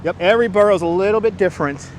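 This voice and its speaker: Rapid-fire and high-pitched, a middle-aged livestreamer from New York with a mild local accent walks through the city answering viewer comments. It's a casual walking chat captured on a wireless clip-on mic, with faint street noise outdoors.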